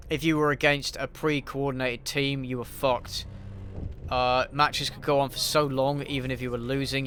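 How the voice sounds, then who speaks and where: During a relaxed gaming livestream, this YouTube host responds to chat offhandedly and with profanity, muttering to himself between moves. His voice is mid-range and fairly bright, with a little background noise.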